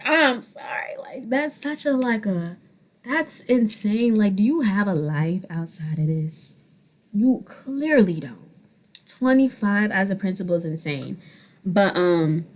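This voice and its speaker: A woman in her twenties giving blunt, profane commentary on a reality dating show, jumping between loud outbursts and quiet asides. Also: medium pitch. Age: 20s. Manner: blunt, profane and animated, swinging loud and soft. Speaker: vlogger. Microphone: own handheld mic.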